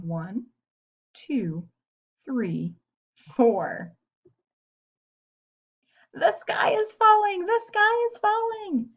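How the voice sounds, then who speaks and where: A woman reading a story aloud to children in a gentle way, pausing to ask her young listeners questions. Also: medium pitch, husky. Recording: dull lo-fi recording.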